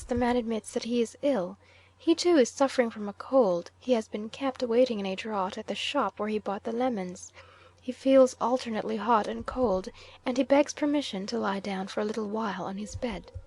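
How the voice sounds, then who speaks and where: Audiobook narrator: a woman with a slightly high, breathy voice who reads in a measured way and drops toward a whisper. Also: darkish tone. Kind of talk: scripted narration.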